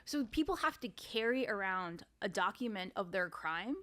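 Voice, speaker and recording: A woman's voice: mid-range voice, expressive, moderate pace, bright, forceful tone. A woman co-hosting a comedy talk show, relaying odd news stories and asking curious questions in a casual way. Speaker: comedian co-host.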